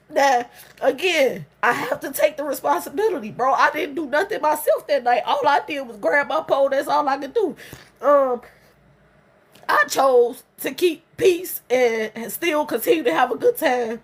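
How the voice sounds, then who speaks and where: A young adult woman speaks in a high register, delivering a raw, emotional venting monologue. She is blunt and profane and circles back to repeat her points. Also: expressive, moderate pace. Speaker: vlogger.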